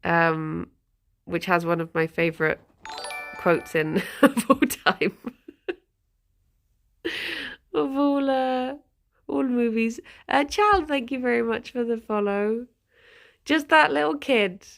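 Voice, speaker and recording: A woman's voice: a little high, takes it slowly, vocal fry, long pauses. A woman streamer chatting casually with her viewers, rambling and giggling often. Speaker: livestreamer.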